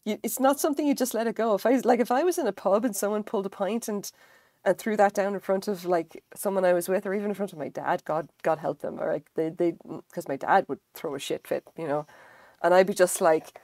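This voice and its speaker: A woman's voice: medium pitch, quick pace, warm tone, no echo. A woman with an Irish accent chatting casually on a livestream while she crochets, talking animatedly, swearing freely and using lots of fillers. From Ireland. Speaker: livestream host.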